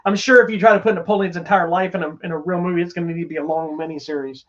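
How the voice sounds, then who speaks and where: Here a man with a high voice and fairly even intonation talks very fast as he co-hosts a movie review podcast. His casual, enthusiastic chatter rambles with frequent restarts, captured in slightly dull lo-fi audio.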